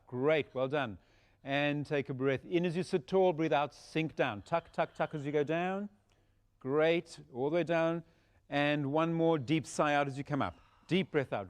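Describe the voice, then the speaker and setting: A man teaching a Pilates class, giving steady, encouraging cues paced by the breath. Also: fairly high pitch. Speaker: Pilates instructor. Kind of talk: guided exercise instruction.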